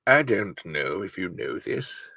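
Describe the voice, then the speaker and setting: A man putting on a slow, deep, grand announcer voice as a celebrity impression. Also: sing-song, vocal fry, bright, forceful tone, no room sound, full character voice. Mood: mock-grand. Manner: slow, low, grand delivery.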